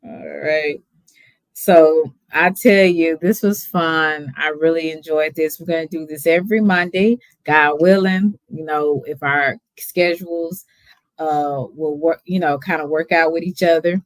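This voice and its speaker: Low-voiced Texan woman hosting a stream. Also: fairly even intonation, measured pace, no room sound. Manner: chatty, hesitant with many ums, laughs often. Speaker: host. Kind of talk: casual livestream chat.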